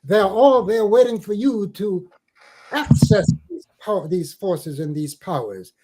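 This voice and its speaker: An older man from the Caribbean islands, a spiritual teacher telling stories in an interview, given to slow, theatrical recitation with big swells and drops. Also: sits high, expressive, darkish tone, rough recording. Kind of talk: storytelling and dramatic poetry recital.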